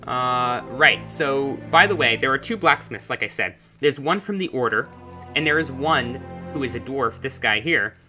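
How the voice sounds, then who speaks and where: Bright-voiced man chatting over gameplay. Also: medium pitch, expressive, normal speed, soft background music. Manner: chatty, musing asides. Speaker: gameplay commentator. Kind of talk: casual let's-play commentary.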